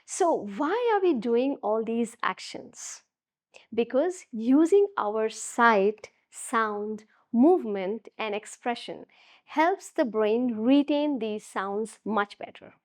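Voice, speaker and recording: Slow, encouraging woman phonics teacher. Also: fairly high pitch, animated, a little mellow. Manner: slow, encouraging, demonstrating each sound. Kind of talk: children's phonics lesson.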